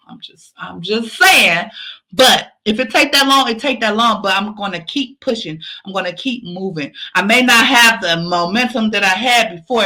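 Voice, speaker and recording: A woman's voice: mid-range voice, bright, forceful tone. A woman podcast host giving an emphatic motivational pep talk, repeating phrases for emphasis.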